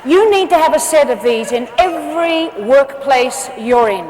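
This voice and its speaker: A woman giving a humorous motivational keynote to a live audience, chatty and animated, laughing often and asking the crowd questions. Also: high-pitched, normal speed, big-room sound, slight background noise, low-quality recording. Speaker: motivational speaker. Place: live event before an audience.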